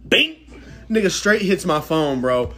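A man's voice: fairly high pitch, soft background music. A young man co-hosting a casual podcast chat, chiming in and laughing as he tells his side of a story. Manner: chimes in, quick laughs and interjections. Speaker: podcast co-host.

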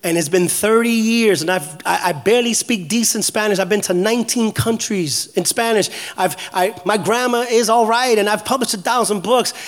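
A man in his forties from New York, a pastor preaching an energetic, joking sermon with shouted declarations. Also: high-pitched, normal speed, hardly any pauses.

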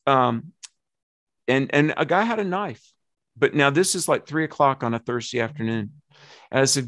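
A pastor in his fifties gives an earnest, animated personal testimony in conversation. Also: medium pitch, normal speed, long pauses, no echo.

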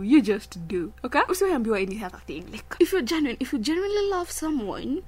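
A woman's voice: on the high side, a bit bright. A young Kenyan woman hosting a casual solo podcast, chatty and playful, mixing Swahili slang into her English. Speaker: podcast host.

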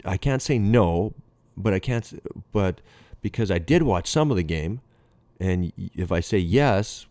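A man's voice: deep voice, a little mellow, no echo. A middle-aged man, a former professional baseball player, tells a rambling story, acting out dialogue and breaking off mid-sentence. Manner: rambling, acts out dialogue, self-interrupting. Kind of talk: anecdotal storytelling.

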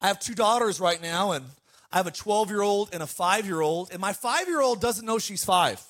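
A middle-aged man preaching a sermon as pastor, telling lively family stories and calling on the congregation to respond. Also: high voice, moderate pace. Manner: animated storytelling, calls to the congregation.

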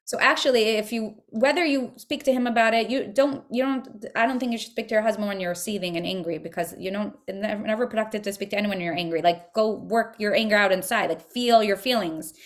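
A woman's voice: medium pitch, a little fast. A woman leading a religious study group, speaking earnestly in a casual, conversational way and repeating words for emphasis. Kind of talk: casual spiritual teaching and text reading.

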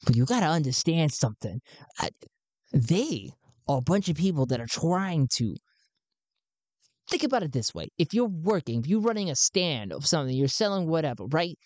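A man's voice: a little high, very animated, normal speed, a little mellow, no room sound, voice pushed up. A man voicing a zealous anti-government recruiter who talks in a folksy, conspiratorial way. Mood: persuasive. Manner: folksy, conspiratorial, calls people bud.

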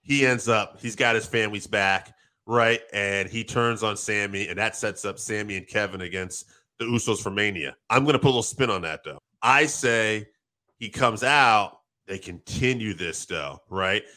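A man gives a lively play-by-play recap, piling on details and dropping curses as he goes. His voice is low, with a forceful, bright edge. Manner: excited, quick storytelling with acted quotes and profanity. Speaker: wrestling show co-host. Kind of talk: casual recap commentary.

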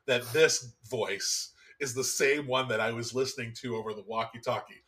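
A man hosting a movie podcast, chatty and quick to laugh. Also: medium pitch, expressive, fairly bright tone. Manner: chatty, laughs often, many fillers. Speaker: podcast host. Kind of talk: casual movie discussion.

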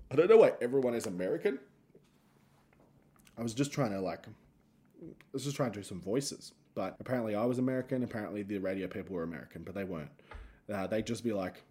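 A man's voice: on the low side, lively intonation, fast, dark tone. An Australian man hosting a solo podcast, rambling and self-mocking as he tells stories. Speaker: podcast host and comedian.

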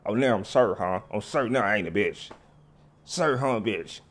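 A man's voice: lowish voice, lively intonation, brisk, pitched below the performer's own voice. A man voicing a hot-tempered, menacing tough guy who swears and threatens in a comedy skit. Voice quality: gravelly, profane. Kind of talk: comedy skit with character voices.

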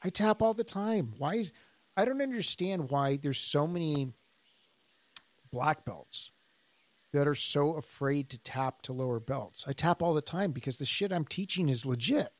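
A man with a voice pitched somewhat high talks casually on a podcast, a jiu-jitsu instructor working through his points with stories. He plays out both sides of old conversations as he goes. The sound is close and dry. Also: unhurried, dry recording. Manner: animated storyteller, acts out quoted dialogue.

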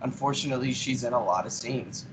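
A man's voice: medium pitch, fast, very noisy. A man co-hosting a podcast, giving blunt, critical opinions in casual chat. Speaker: podcast co-host.

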